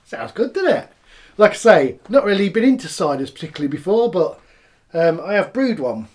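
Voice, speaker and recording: A man's voice: sits high, big pitch swings, a little fast, a little mellow. A man casually reviewing beers and cider on camera, chatty and rambling as he tastes each one. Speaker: beer reviewer.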